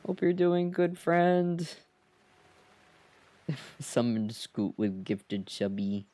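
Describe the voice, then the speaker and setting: A man's voice: a little high, lively intonation, drawn-out words, warm tone. A man chatting casually with his viewers on a live art stream, playful and teasing, swearing freely. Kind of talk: casual live stream chat while drawing.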